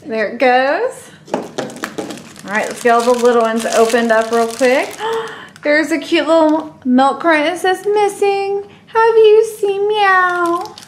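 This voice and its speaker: High-voiced gushing woman unboxing toys. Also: a little slow, long pauses, reverberant, slight background noise. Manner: gushing and playful, squeals with delight. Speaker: toy unboxing vlogger. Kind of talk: excited toy unboxing chatter.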